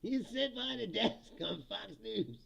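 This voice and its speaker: A man's voice: sits high, expressive, normal speed, creaky, a bit bright, slightly rough, dull audio. A male comedian in a profane, mocking political rant, often laughing at his own jokes.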